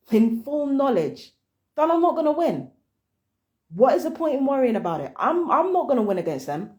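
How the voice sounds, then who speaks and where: A woman's voice: fairly high pitch, darkish tone. A woman vlogger giving blunt, heated commentary on a phone call, cussing and ranting.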